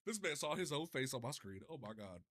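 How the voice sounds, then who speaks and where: A man's voice: a little high, big pitch swings, fairly quick, a bit bright. A young man hosting a casual live stream, flustered and swearing while he fixes his chat setup. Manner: flustered, swearing, restarts often. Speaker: livestreamer.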